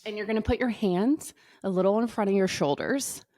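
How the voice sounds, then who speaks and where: A woman wellness coach leading stretches and guided breathing, playful and upbeat at first, then slow and soothing. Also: medium pitch, a little mellow, no room sound, studio quality. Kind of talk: exercise and guided breathing instruction.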